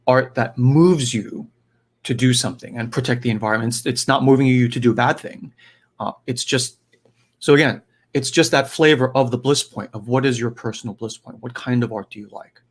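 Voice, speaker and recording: A man's voice: medium pitch, moderate pace, husky. A man giving a live online teaching talk on a video call, in a conversational way, often checking in with "right?" and "you know". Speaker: spiritual teacher and advisor.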